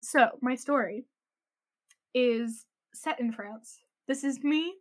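A high-voiced young woman co-hosts a chatty podcast and spins a long, animated story. She fills it with "like" and breaks into laughter as she goes. Her voice sits well above the usual range. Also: slow pace. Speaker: podcast co-host. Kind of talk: casual storytelling chat.

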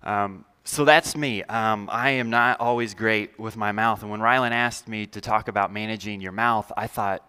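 Guy preaching in a big church, casual chatty style, lots of ums, kinda low voice with long echo. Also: steady tone, moderate pace, hardly any pauses, bright, forceful tone, smooth. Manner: conversational, with fillers and self-deprecating humor. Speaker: pastor. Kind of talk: sermon. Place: large church hall.

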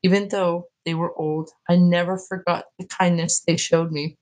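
A woman reading aloud from a novel, voicing a gentle, kindly elderly grandmother who speaks softly and tenderly. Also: fairly low pitch, level tone, normal speed, close to an everyday voice, rough recording. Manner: soft, tender storytelling.

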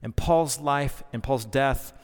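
A man's voice: medium pitch, slow. A man in his thirties preaching a sermon, earnest and conversational, with frequent fillers and restarts. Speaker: pastor. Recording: long reverb, hall-like.

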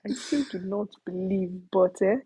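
A young Nigerian woman telling a story in casual chat, acting out her own shouting and slipping into pidgin. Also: medium pitch, moderate pace, a little hiss or hum, rough recording. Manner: animated, switches into pidgin, acts out shouting.

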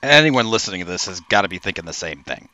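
Exasperated lively man, bright voice. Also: low-pitched, quick pace, muffled recording. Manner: exasperated, incredulous, swearing. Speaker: comedy co-host. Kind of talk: exasperated comedy banter.

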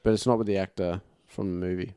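A man's voice: deep voice, steady tone, quick pace, dark tone, clean tone. A man co-hosting a casual comedy podcast, teasing and chuckling through the banter. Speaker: podcast co-host.

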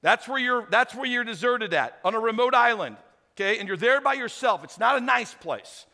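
Animated preacher man, echoing hall. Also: extremely high pitch, normal speed, creaky. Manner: animated, interactive, joking with the crowd. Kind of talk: sermon to a live auditorium. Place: large auditorium. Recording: long hall reverb.

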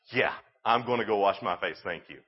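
Man playing a formerly blind man, indignant, casual, husky voice, lo-fi sound. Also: fairly low pitch, moderate pace. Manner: indignant, casual modern phrasing. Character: formerly blind man, bewildered then overjoyed.

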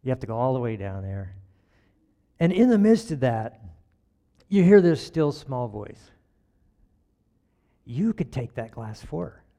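A man speaking to a church congregation in an easygoing, folksy storytelling manner. His voice sits at an ordinary middle pitch. He chuckles at himself now and then as he talks. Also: dark tone, highs cut off. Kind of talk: conversational storytelling sermon.

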